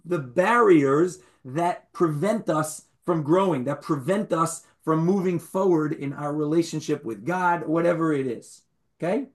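A man leading a Torah class with a slightly higher voice than most men. He quizzes his listeners, repeats key words to drive them home and drops in wry jokes about himself. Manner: quizzes the audience, wry humorous asides. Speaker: rabbi teaching a class.

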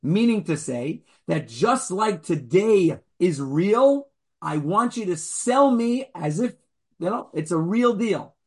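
A man with a high, somewhat husky voice gives a Torah lecture in an easy, conversational way. He acts out the people in the story with lively swings in tone and jokes with his listeners. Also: slow. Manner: animated, acts out the figures with sudden jumps in pitch and loudness.

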